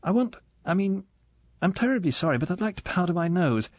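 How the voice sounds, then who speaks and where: A man voicing a nervous young woman who stammers apologies in a high, strained voice. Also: big pitch swings, a little fast, no echo. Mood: flustered.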